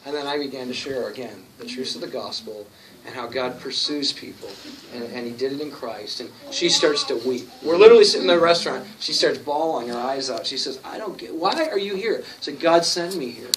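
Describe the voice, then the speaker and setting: A man telling stories from his work as a church planter at a conference talk, animated and acting out the people he quotes. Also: medium pitch, fairly quick. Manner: storytelling, animated, acts out quotes. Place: conference room. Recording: distant mic with noticeable hiss.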